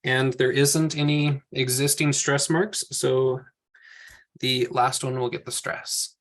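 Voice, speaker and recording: A man's voice: mid-range voice, steady tone, slow pace, a bit bright. A man teaching a class from slides, explaining each step patiently and thinking aloud as he works.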